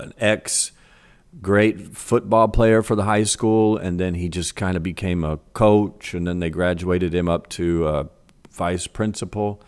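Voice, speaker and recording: Middle-aged guy with a low voice telling an old school story, gets animated. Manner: animated, acts out voices in quotes. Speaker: vlogger telling a childhood story. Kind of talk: casual storytelling.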